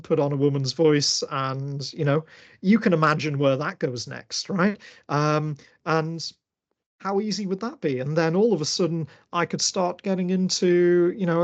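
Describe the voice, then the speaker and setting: A man's voice: on the high side, dull audio. A man giving an online masterclass talk and answering questions on a video call, thinking aloud with many fillers and restarts. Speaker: lecturer.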